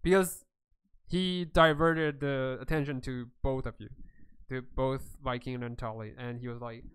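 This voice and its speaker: A man's voice: medium pitch, steady tone, a little slow, clean tone. A man running a tabletop game as its game master, narrating casually with many hesitations. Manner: casual, hesitant, filler-heavy.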